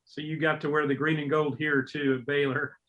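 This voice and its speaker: A male co-host with a fairly high voice asks his questions casually and hesitantly, dropping in frequent fillers as he goes. The conversation feels loose rather than scripted. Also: level tone, fairly bright tone, lo-fi sound. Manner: casual, hesitant, fills pauses often. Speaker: interviewer.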